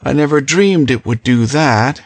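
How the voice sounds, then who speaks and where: A woman reading an audiobook, voicing a secretive, wheedling young gentleman in a lowered, slow voice. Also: lively intonation, breathy edge, dry recording, exaggerated voice. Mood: urgent. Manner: low, slow, urging delivery. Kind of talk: audiobook character voice.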